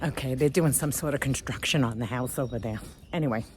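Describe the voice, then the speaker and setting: A middle-aged woman vlogger telling a story on a walk outdoors, animated and self-mocking, laughing often. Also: extremely low pitch, fast talker, noisy background.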